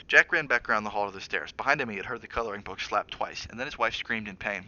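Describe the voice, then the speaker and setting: A man's voice: lowish voice, fast, hardly any pauses, pushed and bright. A man streaming a dramatic read-aloud of a novel, with asides to his viewers. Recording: dull lo-fi mic with faint hiss.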